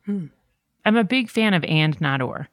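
Middle-aged woman in casual chat; animated, somewhat low voice, dry recording. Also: normal speed, no echo. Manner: animated storyteller, jumps into quoted voices. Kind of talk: casual conversation.

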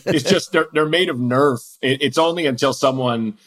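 Man, forties, comedian guest, rambling self-mocking storyteller, casual podcast chat, mid-pitched voice. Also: normal speed, fairly bright tone.

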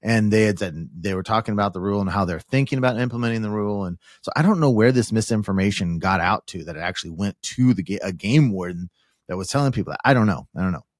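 Man, low voice, dry close sound, casual podcast storytelling, quotes both sides, many restarts. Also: fast talker, no room sound. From Kansas. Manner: animated retelling with quoted dialogue and restarts. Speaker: podcast host.

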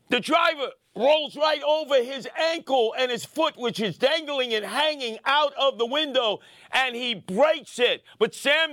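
A middle-aged man, hosting a podcast and telling a street story with excitable shouting bursts and a punchy delivery. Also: very high-pitched, a little slow, no echo, clean studio sound. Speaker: podcast host. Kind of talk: animated storytelling commentary.

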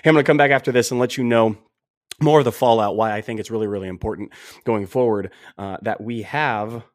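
A man's voice: lowish voice, fast, dry recording, studio quality. A man hosting a sports podcast, talking in a casual, emphatic, folksy way. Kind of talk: casual opinionated sports talk.

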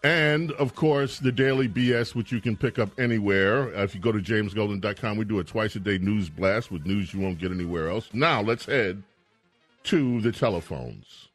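A man hosting a political talk radio show, speaking in an animated, indignant way with frequent restarts. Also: fairly low pitch.

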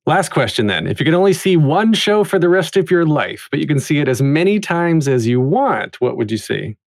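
A man's voice: on the high side, very animated, normal speed, gravelly. A man hosting an interview podcast, asking questions and reacting with enthusiasm. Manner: enthusiastic, appreciative. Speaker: podcast host.

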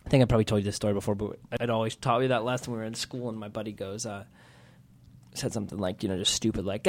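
A man in a casual talk show chat, telling a relaxed anecdote. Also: fairly low pitch, racing, no room sound.

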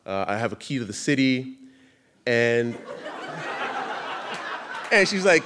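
A man telling a personal story on stage, animated, laughing through his lines and acting out what others said. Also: mid-range voice, slow pace, long pauses, background noise. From Canada. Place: live stage event.

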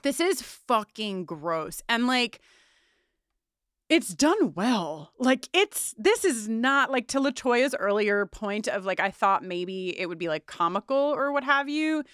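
A woman co-hosting a podcast who talks in an animated, profane rush and laughs often. Her voice sits a little high and comes through smooth and clear. The close mic sounds dry, with no room around it. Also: takes it slowly, dry recording. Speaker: podcast co-host. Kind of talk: casual chat.

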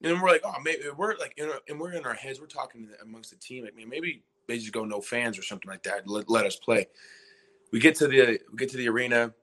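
A man's voice: medium pitch, fast talker, fairly bright tone. A young man in his twenties, a former college basketball player, telling a long story on a podcast and acting out what people said. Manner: rambling, retells scenes by quoting himself and others. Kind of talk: casual storytelling interview.

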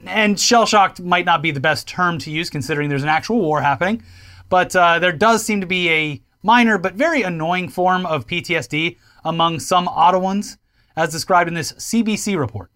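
High-voiced wry male co-host. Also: moderate pace, sharp tone. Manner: wry, hesitant, full of fillers. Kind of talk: comedic news chat.

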